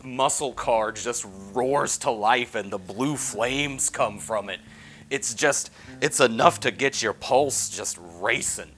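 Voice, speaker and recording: A man's voice: medium pitch, a bit bright. A man giving a scripted comedy film review, joking crudely and swearing freely. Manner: crude, jokey, profane.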